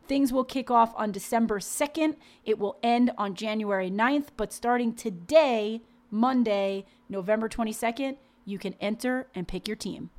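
A woman's voice: on the high side, normal speed, hardly any pauses, a little mellow. Bubbly, chatty woman podcaster. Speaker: podcast co-host. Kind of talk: casual chat and read sponsor spot.

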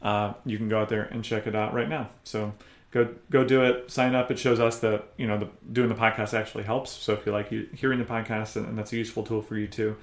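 A man co-hosting a podcast in a laid-back, chatty way, pitching a listener deal. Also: level tone, quick pace. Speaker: podcast co-host. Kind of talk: casual podcast chat and promo. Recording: roomy echo.

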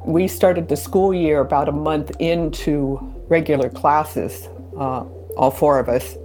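A middle-aged woman with a notably low voice tells her story slowly, pausing often as she remembers. Soft music plays faintly underneath. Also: steady tone. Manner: slow, unhurried storytelling with pauses. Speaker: interview guest. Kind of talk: storytelling in an interview.

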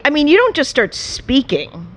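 A woman interview host who grew up in the American suburbs, asking questions and reacting with quick interjections. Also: high voice, huge pitch swings. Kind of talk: casual conversational interview.

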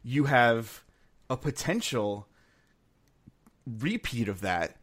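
A man's voice: medium pitch, very animated, takes it slowly, a bit bright. Man laying out a sports theory. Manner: thoughtful, lays out an idea step by step. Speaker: podcast co-host. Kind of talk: casual sports chat.

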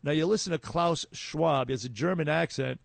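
A man's voice: fairly high pitch, brisk, creaky, dry recording. A man hosting a talk radio show, giving emphatic commentary full of restarts and fillers. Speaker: radio host.

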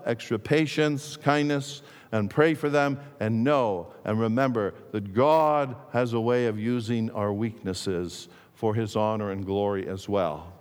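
A male pastor preaching a sermon in a church sanctuary, speaking emphatically and calling for amens. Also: mid-range voice. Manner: emphatic, with calls of amen to the congregation. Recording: long reverb of a big sanctuary.

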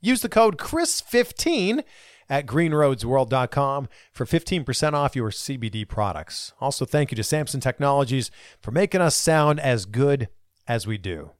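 Upbeat male podcast host, lively pitch. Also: moderate pace, no room sound, clean studio sound. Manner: upbeat, wraps up with thanks and plugs. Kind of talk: casual interview and sign-off.

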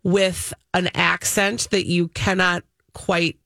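A woman co-hosting a morning radio show, chatting casually with animated, teasing build-ups and lots of fillers. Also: lowish voice, slow pace, vocal fry, no room sound. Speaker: radio co-host.

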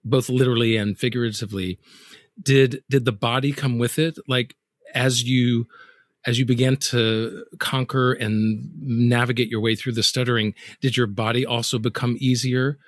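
A man's voice: mid-range voice, fairly even intonation, moderate pace, no echo, studio quality. A man hosting a podcast, asking thoughtful interview questions with occasional small stumbles and repeated words. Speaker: podcast host.

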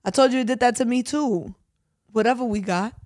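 A woman's voice: on the high side, fairly quick, a little mellow, a little hiss or hum. Playful woman co-hosting a podcast. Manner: playful, laughing, trash-talking. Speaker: podcast co-host. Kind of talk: casual chat. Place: home.

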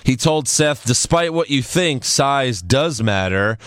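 A man from New York co-hosting a casual podcast recap. He talks in a lively, animated way and laughs often. His voice is recorded dry and close. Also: mid-range voice, slow pace, clean tone, dry recording. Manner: chatty, laughs often, curses. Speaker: podcast co-host.

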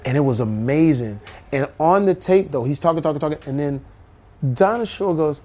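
A man in his fifties, a comedian guest, telling animated stories and slipping into impressions. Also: on the high side, moderate pace. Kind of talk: storytelling in a talk-show interview.

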